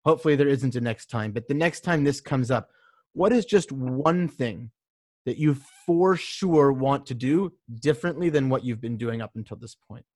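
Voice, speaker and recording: A man's voice: mid-range voice, normal speed, darkish tone, no room sound, clean studio sound. A man coaching a client in a casual conversation, talking thoughtfully with many restarts and fillers.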